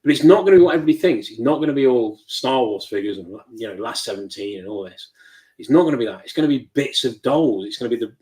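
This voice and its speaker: A man's voice: mid-range voice, fast, poor audio. Chatty man telling stories. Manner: lively storyteller acting out quoted dialogue. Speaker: toy shop owner, guest. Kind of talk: casual interview chat.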